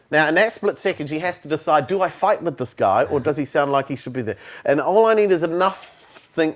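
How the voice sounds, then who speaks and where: A man's voice: a little high, lively intonation, a little fast, hardly any pauses. A man, a sales trainer talking bluntly in an interview and acting out phone calls. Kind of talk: conversational interview.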